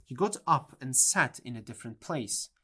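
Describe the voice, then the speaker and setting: A narrator reading a children's storybook audiobook in a plain, measured way. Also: mid-range voice, lively intonation, fairly bright tone, breathy edge.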